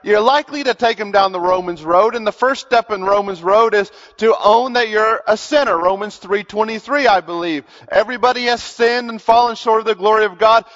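Pastor guy preaching, high voice, goes loud then chatty, dull lo-fi sound in a big echoey church. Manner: preaching with rising emphasis and conversational asides. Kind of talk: sermon. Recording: dull sound with long hall reverb.

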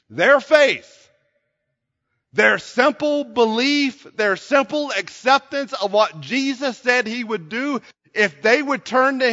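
A man delivering a sermon in a high, bright voice. He tells a story in hushed tones, then rises to shouted passages. The sound is dull and carries the long echo of a large hall. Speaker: preacher.

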